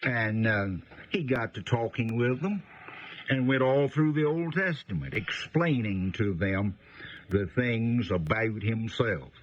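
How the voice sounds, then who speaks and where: A man giving a conversational Bible teaching, folksy and unhurried, pausing often with fillers. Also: medium pitch, lively intonation, lo-fi sound.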